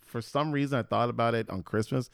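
A man's voice: mid-range voice, steady tone, fast, gravelly, no echo, clean studio sound. A man co-hosting a podcast in casual chat, joking around and laughing often. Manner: jokey, bursts into loud put-on voices and laughter. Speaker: podcast co-host.

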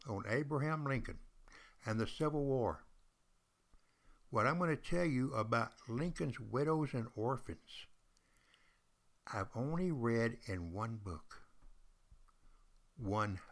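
An older man, hosting a podcast in a folksy, chatty storytelling monologue aimed straight at his listeners. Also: mid-range voice. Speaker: podcast host and retired college teacher.

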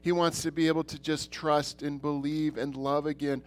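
A middle-aged man preaching a church sermon, earnest, repeating himself, swinging between loud and soft. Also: fairly high pitch, level tone, normal speed. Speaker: pastor.

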